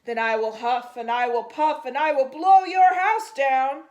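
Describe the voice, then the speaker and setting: A woman voicing a hungry, blustering male magic shark in a read-aloud storybook, loud and threatening. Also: very high voice, big pitch swings, moderate pace, lo-fi sound, voice pushed up, heavily acted.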